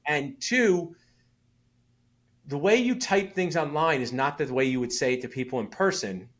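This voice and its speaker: Animated male podcast guest, expressive voice that swings widely, emphatic storyteller. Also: on the high side, moderate pace. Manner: animated, emphatic, tells stories with voiced asides. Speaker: podcast guest, founder of an online dentist community. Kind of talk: casual interview talk.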